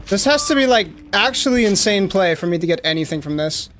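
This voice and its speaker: A young streamer chats through a match in loose, slangy commentary, often calling out to viewers. The pitch is mid-range but swings widely and lively. Faint music plays under the voice. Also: brisk. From South Africa. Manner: animated, slangy, talks straight to chat. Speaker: game streamer. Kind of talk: casual live-stream commentary.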